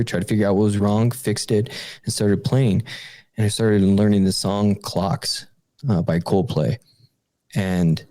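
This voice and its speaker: A young man, a podcast guest, recounting a frightening personal paranormal story in a halting way, with restarts, fillers and small nervous laughs. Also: low voice, warm tone, dry recording.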